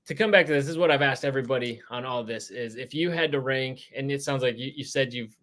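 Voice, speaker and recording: A man hosting a casual sports interview podcast, talking in a relaxed, rambling way with lots of fillers. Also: medium pitch, fast talker. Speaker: podcast host.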